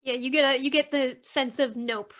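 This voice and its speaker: A woman's voice: sits high, flat delivery, fairly quick, a bit bright. A woman playing a tabletop game who chats with hesitant starts. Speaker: player.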